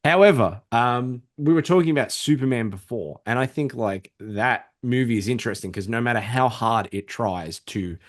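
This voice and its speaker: Guy rambling excitedly on a comics podcast, swears a lot, normal pitch. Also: moderate pace, few pauses. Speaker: podcast co-host. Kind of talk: casual comic book chat.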